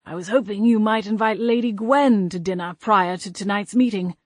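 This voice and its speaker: A woman voicing a prim old English gentleman ghost. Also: mid-range voice, normal speed, no room sound, clean studio sound, natural voice. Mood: eager, courtly. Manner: formal, prim, courtly.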